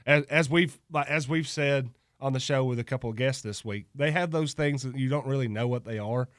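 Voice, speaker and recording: A man's voice: mid-range voice, fairly quick, no echo. A man hosting a local radio show from the studio. He talks in a loose, joking way and laughs easily between sponsor reads. His voice is close and dry on the studio microphone. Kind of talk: casual on-air chat with sponsor reads.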